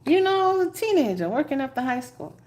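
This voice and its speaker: Animated New woman telling stories. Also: sits high, quick pace, slight background noise. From New York. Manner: animated storyteller, laughs often, dramatic asides. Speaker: tarot reader. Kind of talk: casual live-stream chat.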